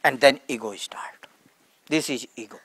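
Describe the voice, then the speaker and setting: A man's voice: mid-range voice, a little slow, a bit bright, slightly rough. A man giving an earnest spiritual talk in simple, broken English, acting out stories as he teaches. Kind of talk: satsang talk with storytelling.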